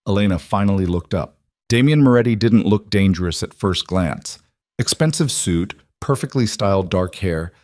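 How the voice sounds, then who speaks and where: Low-voiced male story narrator. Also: a little mellow, no echo, clean studio sound. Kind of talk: scripted narration.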